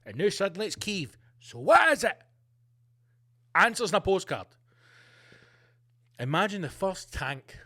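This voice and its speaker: A man hosting a comedy podcast, ranting loudly and profanely with lots of animation. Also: high-pitched. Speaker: podcast host. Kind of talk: comedic rant.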